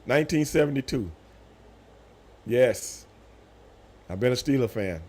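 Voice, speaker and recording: A man in his fifties chatting casually on a live stream, telling animated stories with loud voiced outbursts. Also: mid-range voice, measured pace. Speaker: streamer host.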